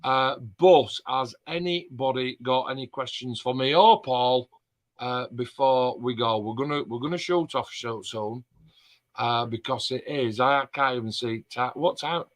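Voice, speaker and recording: A man's voice: medium pitch, moderate pace. A man co-hosting a live stream, chatting casually, joking and swearing with his friend. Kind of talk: casual chat.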